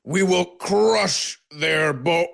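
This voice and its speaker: A man voicing a tough orc chieftain giving a battle speech to his clan, in gruff, choppy bursts. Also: fairly high pitch, drawn-out words, a bit bright, voice pushed up, full character voice. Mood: rousing.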